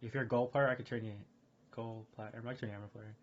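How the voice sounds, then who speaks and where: A man streaming casual chat, rambling and excitable, full of fillers and restarts. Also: mid-range voice, quick pace. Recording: dull lo-fi stream audio.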